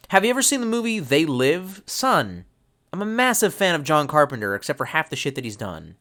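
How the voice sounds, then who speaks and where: Tipsy home streamer who rambles and swears freely; bright, forward tone. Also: mid-range voice, very animated, a little fast. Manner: rambling, profane and loose. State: tipsy from drinking. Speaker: livestream host reading chat. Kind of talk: casual rambling live chat. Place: at home at a desk.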